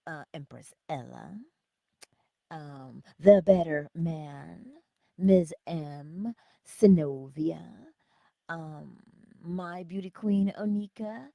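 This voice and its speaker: A woman's voice: deep voice, slow, creaky, pauses often, mellow, dry recording, studio quality. A woman hosting a livestream, chatting casually and playfully, laughing often and greeting viewers by name, with a valley-girl way of talking. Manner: says she talks like a valley girl. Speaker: livestream host.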